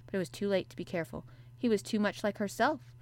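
A woman narrating a classic novel in an even, measured storytelling manner. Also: medium pitch. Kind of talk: audiobook narration.

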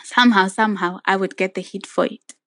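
A woman's voice: mid-range voice, steady tone, a little fast, a bit bright, dry recording. A woman on a podcast telling a personal story in casual conversation, earnest and reflective, acting out what others said. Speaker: podcast co-host sharing her story.

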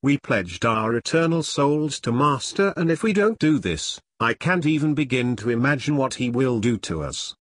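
Man doing a rusty-voiced demon henchman, bullying, yells threats, lively pitch, dry sound. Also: normal speed, hardly any pauses, no echo, close to an everyday voice. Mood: threatening. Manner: yelling threats.

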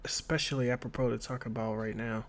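A man's voice: medium pitch, steady tone, fast talker. A man co-hosting a casual podcast who teases, laughs often and swears freely. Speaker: podcast co-host. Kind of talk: casual chat.

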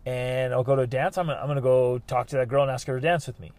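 A man hosting a podcast, telling his own stories in an earnest, animated way with frequent restarts. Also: mid-range voice, very fast, dry recording. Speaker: podcast host. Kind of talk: motivational podcast monologue.

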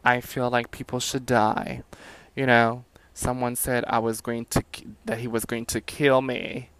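A young man venting about his fast food job in a profane, animated, sassy rant. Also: medium pitch, clear, resonant tone, no echo. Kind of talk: casual rant to camera.

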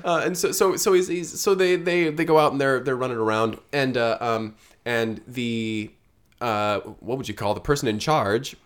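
A man's voice: medium pitch, steady tone, moderate pace. A man co-hosting a comedy podcast, stammering and playful as he improvises. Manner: stammering, playful, slips into character voices. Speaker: podcast co-host.

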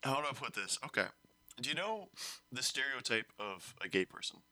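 A man's voice: medium pitch, moderate pace. A young man casually telling a story on a podcast, rambling and correcting himself as he goes. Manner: rambling, self-correcting, animated retelling.

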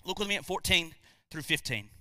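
A man's voice: on the high side, expressive, fairly quick, pushed and bright, no echo, studio quality. A man preaching a sermon as pastor, emphatic, repeating key lines and asking the congregation questions.

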